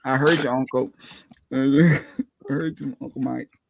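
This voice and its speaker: A man's voice: medium pitch, steady tone, takes it slowly, creaky, dry recording. A man co-hosting a radio show, teasing and laughing along. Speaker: co-host.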